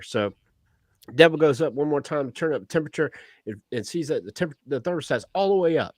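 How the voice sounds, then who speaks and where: Brief: rambling co-host, mid-pitched, recorded dry. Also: male voice, animated, moderate pace, no echo. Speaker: podcast co-host. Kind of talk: casual comedy podcast chat, telling a joke.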